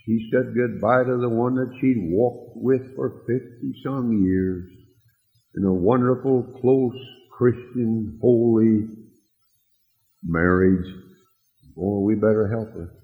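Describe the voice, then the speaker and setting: A male preacher telling a story in a sermon, slow and tender, dropping to a hush for quoted words. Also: on the low side. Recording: tinny, phone-like, with a long hall echo.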